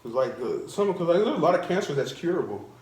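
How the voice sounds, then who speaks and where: A man's voice: fairly high pitch, sing-song, fast, a little mellow. A young man co-hosting a casual podcast chat, joking and slangy. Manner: joking, slangy, laughs easily. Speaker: podcast co-host. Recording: echoey room with clear background noise.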